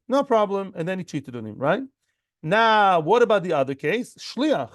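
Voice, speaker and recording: A man teaching a Talmud lesson in English, lively and acting out the people in the case, with Hebrew and Aramaic terms mixed in. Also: sits high, normal speed, dry recording, studio quality. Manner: animated, acts out the characters in the case. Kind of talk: Talmud lecture.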